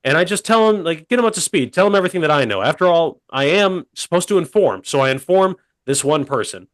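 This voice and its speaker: A man telling a funny story on a podcast in a deadpan, rambling way, full of fillers. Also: on the high side, fast, no room sound. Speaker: podcast co-host. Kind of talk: casual comedic storytelling.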